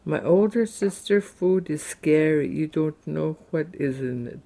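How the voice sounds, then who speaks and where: A man slowly reading short everyday phrases in English, then saying each one in his native language for a language lesson. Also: fairly high pitch, gravelly, mellow.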